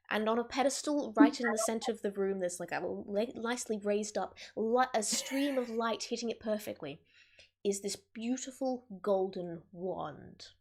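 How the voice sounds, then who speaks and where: A woman running a tabletop game, describing scenes in a relaxed way. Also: mid-range voice. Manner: relaxed descriptive narration with fillers. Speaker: game master.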